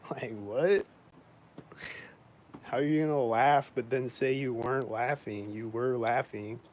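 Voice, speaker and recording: A man talks straight to camera in a loose, rambling vlog, complaining with indignant disbelief. His speech is full of "like" and casual swearing. His voice sits at an ordinary middle pitch, with a faint hiss of noise behind it. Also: slow pace, long pauses, poor audio. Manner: rambling, heavy use of "like", frequent swearing. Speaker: vlogger.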